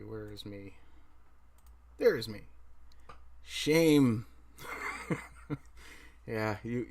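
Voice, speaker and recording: A middle-aged man from Newfoundland keeps up casual livestream chat as host, wandering from topic to topic, fixing his own wording and dropping chatty remarks while browsing. His voice is lowish, with vocal fry.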